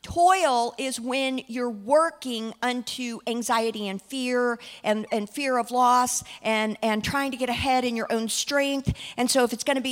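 A woman preaching a sermon emphatically, slowing down and stretching key words for weight. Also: on the high side, big-room sound.

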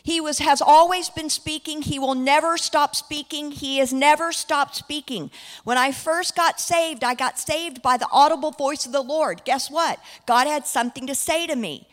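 A woman preaching a sermon emphatically, slowing down and stretching key words for weight. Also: high voice, big-room sound.

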